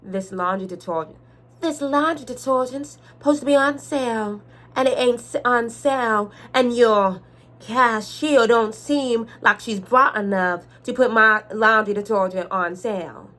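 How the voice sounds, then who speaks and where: A woman's voice: on the high side, a little slow, fairly bright tone. A woman mimicking a mean, rude woman customer who complains with a sneer. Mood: indignant.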